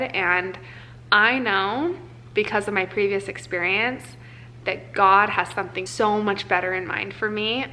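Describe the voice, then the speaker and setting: A woman's voice: medium pitch, bright, forceful tone, a little hiss or hum, rough recording. A young woman telling an earnest, emotional personal story in a casual vlog, full of "like" fillers. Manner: casual speech with frequent "like" fillers. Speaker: vlogger. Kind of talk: personal life update vlog.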